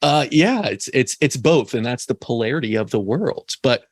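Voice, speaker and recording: A man's voice: medium pitch, animated, normal speed, slightly rough, no echo. Chatty man host in a dry room. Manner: chatty, laughs easily, shares personal stories. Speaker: podcast host. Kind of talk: casual interview talk.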